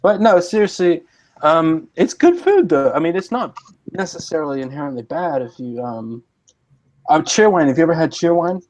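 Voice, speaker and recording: A man's voice: fairly high pitch, big pitch swings, normal speed, darkish tone, low-quality recording. A man chatting casually, joking around and restarting his sentences as he rambles. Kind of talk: casual podcast chat.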